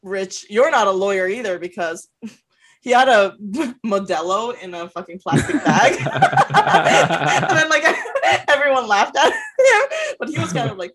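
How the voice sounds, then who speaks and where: Young woman on a podcast telling a crazy story, kinda high voice, laughing and cursing a lot. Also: slow, a little hiss or hum. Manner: animated, laughs often between words, swears freely. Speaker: podcast co-host. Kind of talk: casual storytelling chat.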